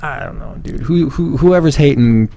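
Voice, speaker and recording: A man's voice: fairly high pitch, mellow. A man co-hosting a boxing podcast, talking bluntly in casual chat and swearing freely. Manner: blunt, profane, fast-talking. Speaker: podcast co-host.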